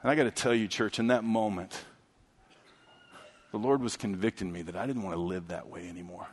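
A man preaching a sermon, telling a story and swinging from loud, emphatic lines to hushed ones. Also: on the low side, brisk, husky. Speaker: pastor. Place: church sanctuary. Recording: long hall reverb.

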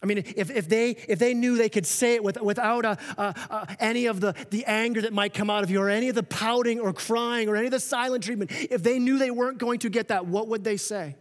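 A man preaching a sermon as pastor, earnest and animated, often restarting his sentences and acting out quoted remarks. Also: high voice, quick pace, few pauses. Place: church auditorium. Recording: long reverb of a church hall.

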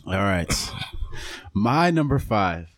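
A man co-hosting a podcast in casual chat, emphatic and profane, quick to laugh. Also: lowish voice, very animated, no echo. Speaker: podcast co-host.

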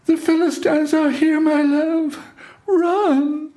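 A man doing a wailing falsetto temptress. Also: little pitch movement, slow, warm tone. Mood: alarmed. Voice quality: high falsetto. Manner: wailing and pleading. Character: pleading, coaxing young woman temptress.

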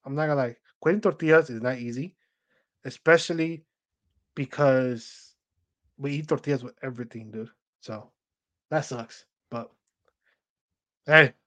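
This podcast co-host, a young man, speaks unhurriedly and pauses often, his medium-pitched voice a bit bright. His casual chat turns into rambling tales full of "like" fillers, with what others said acted out.

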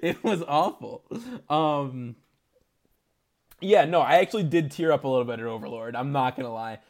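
A man's voice: medium pitch, a little mellow. Man, podcast co-host, casual movie chat, laughs often, self-deprecating.

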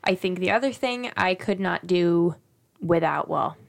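Bubbly young woman co-host, lowish voice. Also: expressive, a little slow, gravelly. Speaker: podcast co-host. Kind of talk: casual chat.

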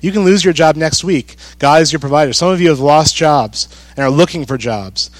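A pastor preaching a sermon in church, talking conversationally, repeating key phrases and putting questions to the congregation. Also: male voice, a little high, fairly quick, no room sound.

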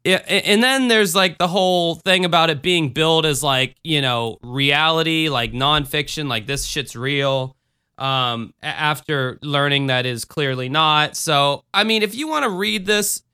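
Bright, clear-voiced man rambling casually. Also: fairly high pitch, measured pace. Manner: rambling, profane, animated storytelling. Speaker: podcast co-host reviewing a book. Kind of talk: casual chat.

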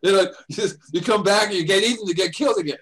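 A man's voice: high-pitched, fast, fairly bright tone, rough recording. An older man hosting a radio show, chatting casually and rambling through stories. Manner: rambling storyteller, acts out voices in his anecdotes. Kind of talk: casual chat.

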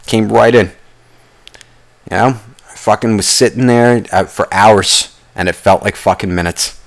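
A young podcast host with a lowish, gravelly voice tells a long story at a measured pace and in a fairly even tone. He rambles casually, restarting and wandering into asides, and swears constantly.

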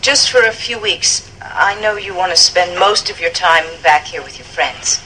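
An actress playing a gentle mother who speaks in a soft, coaxing way in a TV drama clip. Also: on the low side, lively intonation, moderate pace, a little hiss or hum, poor audio.

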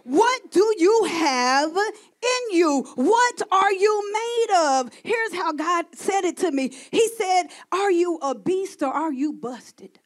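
A woman preaching a sermon to a congregation, calling out to the crowd and building to shouts. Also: very high voice, expressive, slow pace. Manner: call-and-response preaching, rising to shouting.

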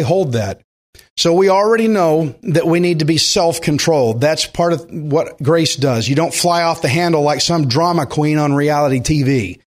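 A man preaching a sermon in an earnest, conversational way, slowing down to stress key points. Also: fairly high pitch. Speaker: pastor.

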